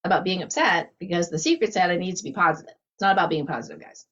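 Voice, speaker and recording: A woman's voice: fairly low pitch, lively intonation, racing, fairly bright tone, dull audio, a little hiss or hum. A woman talking casually and animatedly, often laughing and acting out her inner thoughts. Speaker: guest teacher. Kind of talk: casual conversation.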